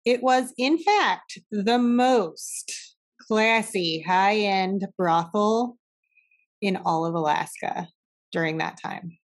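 A woman's voice: mid-range voice, expressive, slow pace. A woman co-hosting a podcast in casual chat, talkative and swearing freely. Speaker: podcast co-host.

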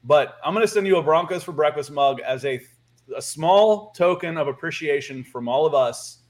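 A man's voice: on the high side, lively intonation, normal speed. A man from Georgia co-hosting a sports podcast, talking casually in a rambling way, repeating words and chuckling. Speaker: podcast co-host.

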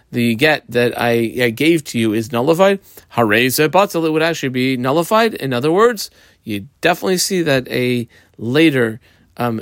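A man's voice: mid-range voice, no echo, studio quality. A man teaching a Talmud page, reading short phrases and explaining each in casual English with frequent ums. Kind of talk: Talmud lesson, reading and translating.

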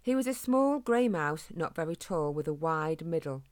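A woman reading a children's storybook in a gentle, expressive way. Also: sits low, moderate pace.

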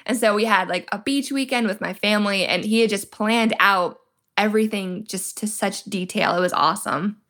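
A woman's voice: mid-range voice, moderate pace, fairly bright tone. A young woman, a military spouse guest on a podcast, telling her story animatedly and acting out quoted dialogue with lots of "like". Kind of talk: casual storytelling interview.

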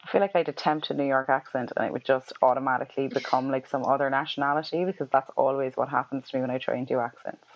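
A woman co-hosting a podcast, talking in a relaxed, conversational way. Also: very deep voice, fast talker, few pauses, no room sound. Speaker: podcast co-host. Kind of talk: casual chat. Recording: dull lo-fi sound.

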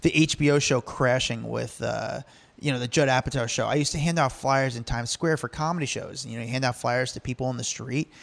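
A man's voice: mid-range voice, brisk, gravelly, a bit bright. A man telling stories in a casual chat, acting out the lines he quotes and laughing often.

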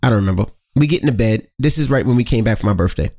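A man's voice: fairly low pitch, very fast, dry recording, clean studio sound. A man co-hosting a podcast with his wife, telling teasing stories with plenty of swearing. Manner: animated, swearing, teasing storyteller. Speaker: co-host. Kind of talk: casual podcast banter with spouse.

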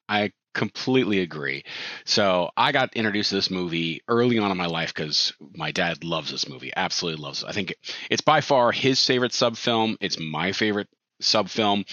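A man co-hosting a film podcast in casual chat, relaxed and agreeable. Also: low-pitched, brisk, no echo. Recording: dull, dry sound.

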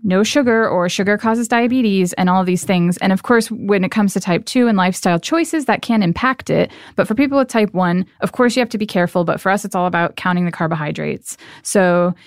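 Smooth-voiced young woman guest. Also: medium pitch, brisk, hardly any pauses, dry recording, studio quality. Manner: earnest, explanatory, upbeat. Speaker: guest, charity founder. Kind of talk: interview conversation.

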